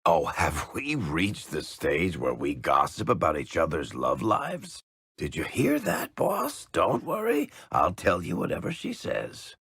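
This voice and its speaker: A wry middle-aged dwarf storyteller, needling his companions with sarcastic banter. His voice sits extremely low, gravelly and husky, and he takes his time over the lines. Bone-dry game dialogue recording. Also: huge pitch swings, measured pace, a bit bright, no room sound, exaggerated voice. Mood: teasing.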